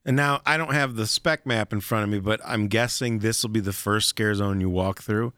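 A young man with a Midwestern accent co-hosting a casual chat show, animated and fond of reading descriptions dramatically. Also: fairly low pitch, moderate pace, no echo, studio quality. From Chicago area. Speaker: podcast co-host.

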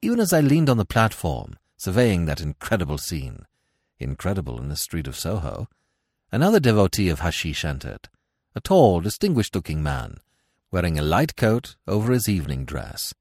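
Brief: low-pitched male narrator, animated delivery, close and dry. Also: moderate pace, no room sound. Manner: expressive, dramatic storytelling. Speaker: podcast narrator. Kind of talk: scripted narration of a classic novel.

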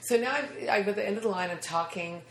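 A woman's voice: medium pitch, quick pace, echoey room, slight background noise. A woman comedian in her thirties telling stories in casual chat, acting out other people's voices and laughing often. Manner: animated, acts out quoted voices, laughs often. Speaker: comedian guest.

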